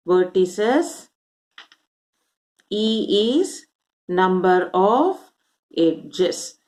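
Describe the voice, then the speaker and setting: A woman teaching a maths lesson, explaining step by step and asking questions as she goes. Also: fairly high pitch. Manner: explains step by step, counts aloud, asks rhetorical questions. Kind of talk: classroom lesson.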